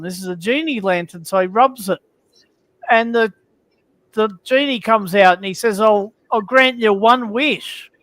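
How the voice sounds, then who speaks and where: A man's voice: high voice, a bit bright, dry recording, rough recording. A man guest on a live stream, casually telling long, rambling crude jokes.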